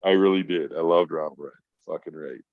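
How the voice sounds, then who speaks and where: A man's voice: low-pitched, fairly even intonation, fast, dry recording. A man, a podcast guest who works in mental health, tells a story in a casual, emphatic and profane way. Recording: dull lo-fi dry sound.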